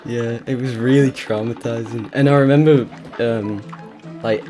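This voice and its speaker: A British let's play gamer with a mid-range, steady voice rambles at normal speed through a personal story as he plays. His casual gameplay chat is full of fillers and restarts, with game music in the background.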